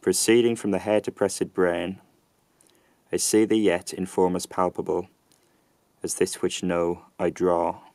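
Haunted Macbeth read by an Englishman, low-pitched, steady and measured. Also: no room sound. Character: Macbeth, haunted Scottish nobleman addressing a dagger. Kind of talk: dramatic Shakespeare recitation.

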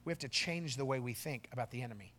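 A middle-aged man preaching a sermon as pastor, telling a story with swings from low asides to loud exclamations. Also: quick pace.

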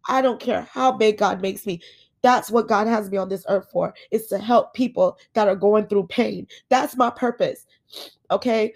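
A woman's voice: medium pitch, moderate pace. A woman hosting a faith podcast from her bed, earnestly encouraging her listeners and calling them guys. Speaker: podcast host. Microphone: home podcast setup.

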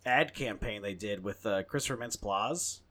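A man co-hosting a casual podcast chat, animated and fond of swearing, talking close to a desk mic. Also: moderate pace. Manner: animated, swears a lot, goes loud and high when worked up. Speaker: podcast co-host.

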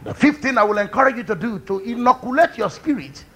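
A man preaching a fervent sermon, swinging from quiet speech to loud cries. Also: animated, fast. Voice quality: high, gravelly and husky, with shouted peaks. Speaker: pastor.

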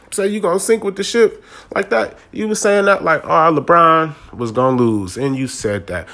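A man, ranting casually and animatedly about a sports game in slangy talk. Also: fairly high pitch. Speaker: sports commentator.

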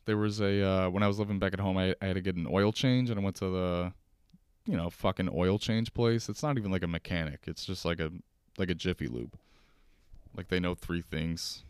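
A man's voice: deep voice, a little mellow, clean tone, dry recording, clean studio sound. A young man hosting a casual solo podcast from his kitchen table, rambling and joking with plenty of swearing. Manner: rambling, profane, jokey. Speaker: podcast host.

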